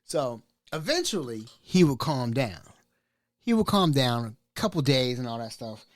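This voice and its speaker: Brief: male chef spinning workplace tales, animated, colloquial, lively pitch. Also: moderate pace, dry recording. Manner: animated, colloquial, laughing asides. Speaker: chef, storyteller. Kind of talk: casual anecdotal storytelling.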